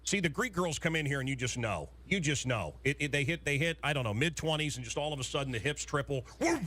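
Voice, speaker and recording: A middle-aged man hosting talk radio, ranting in an excitable, rambling way with many restarts and blunt jokes. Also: fairly high pitch, quick pace. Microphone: studio microphone.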